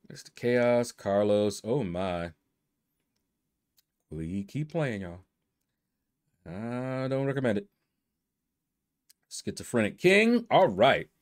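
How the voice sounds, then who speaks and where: A man giving relaxed, casual game commentary as he reads through a leaderboard, congratulating players and playing with their names. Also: fairly low pitch, takes it slowly, long pauses. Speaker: gaming YouTuber.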